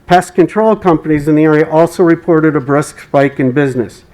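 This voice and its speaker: Guy at a city meeting reading off quotes, mellow voice, kinda high. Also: low-quality recording. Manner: reads prepared quotes in a measured, formal way. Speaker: resident speaking at public comment. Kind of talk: public comment reading quotations.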